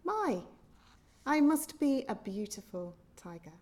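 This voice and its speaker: A woman's voice: sits high, very animated, slow pace, darkish tone, pitched above the performer's own voice, full character voice. A woman voicing a beautiful, powerful caged female tiger as she tells a story in a church service, musing and lifting her voice on the first word of each line. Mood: wondering.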